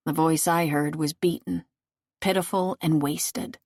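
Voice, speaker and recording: A woman narrating an audiobook in a measured, unhurried reading. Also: deep voice, fairly even intonation, darkish tone, no echo, clean studio sound. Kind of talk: scripted narration.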